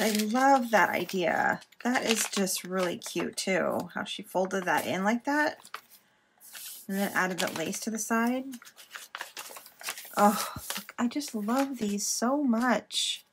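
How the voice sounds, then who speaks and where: A woman's voice: medium pitch, a little slow, background noise. A woman vlogger gushing and giggling as she chats through a mail unboxing. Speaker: planner and journal vlogger. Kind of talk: casual unboxing chat.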